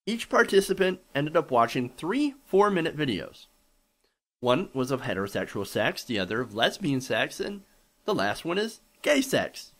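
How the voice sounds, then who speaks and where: A man's voice: medium pitch, fairly bright tone. A man delivering an indignant, sarcastic commentary monologue, calling out bigotry and swearing freely. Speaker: political commentator.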